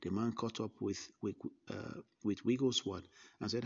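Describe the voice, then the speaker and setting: A man reading a first-person narration in a measured way, with small slips and restarts. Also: fairly low pitch, fairly even intonation, vocal fry, breathy edge, lo-fi sound. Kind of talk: scripted narration.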